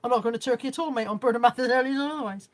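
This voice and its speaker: A woman's voice: a little high, racing. Chatty woman rambling on a home live stream. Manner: rambling, chatty, self-deprecating about technology. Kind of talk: casual live-stream chat reading viewer comments.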